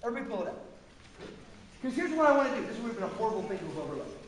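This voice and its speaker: A pastor on a church stage preaches a funny, self-deprecating sermon, telling stories with lots of animation. His voice is high-pitched and rapid-fire, with a little hiss or hum, and the large church hall gives it a long, echoing reverb.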